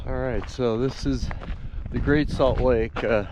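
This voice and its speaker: A man's voice: mid-range voice, steady tone, slow pace. An upbeat, chatty man talks to his handheld camera out on a trail in the middle of a long race. His voice sits in a middle register and carries outdoor background noise. He jokes easily about his mishaps. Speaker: ultramarathon runner filming himself. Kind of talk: casual on-the-trail vlog. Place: outdoors on a desert island trail.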